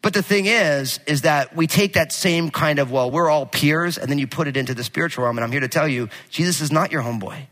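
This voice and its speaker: Man, pastor, sermon, bright ringing tone, animated and casual, big hall echo. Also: a little high, fast, hardly any pauses. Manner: animated storytelling, casual and joking. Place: church sanctuary. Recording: long hall reverb.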